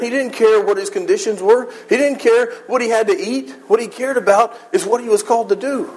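Preacher, male, high voice, chatty earnest sermon, faint room ambience behind. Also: slight background noise, low-quality recording. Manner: earnest, conversational, acts out voices. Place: church.

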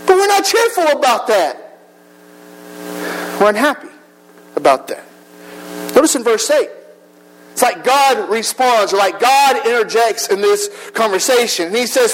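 High-voiced man preaching with fervor. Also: big pitch swings, measured pace, pauses often, low-quality recording. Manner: impassioned, builds to shouted peaks. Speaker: pastor. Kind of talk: sermon. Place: church service with congregation.

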